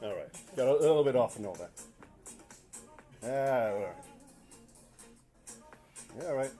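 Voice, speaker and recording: A man's voice: mid-range voice, lively intonation, a little slow, dark tone, faint music behind. A man giving a tech talk at a conference, rambling and self-mocking with jokey asides. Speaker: conference presenter. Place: conference room.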